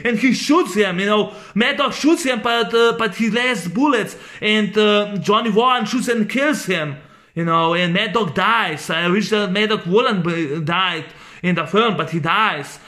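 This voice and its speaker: Rambling man with a bright voice. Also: high-pitched. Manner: rambling, halting, many fillers and restarts. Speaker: movie reviewer. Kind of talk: casual spoken film review.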